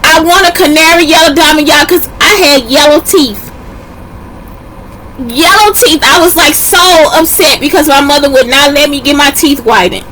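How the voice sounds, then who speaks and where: A woman in a heated, profane rant aimed at her viewers, swearing constantly, at times shouting and close to tears. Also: high-pitched, moderate pace, a little hiss or hum.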